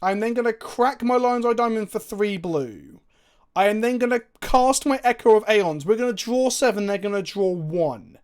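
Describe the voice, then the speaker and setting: A man streaming a card game, thinking aloud with excitable, profane commentary. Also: sits high, moderate pace, smooth.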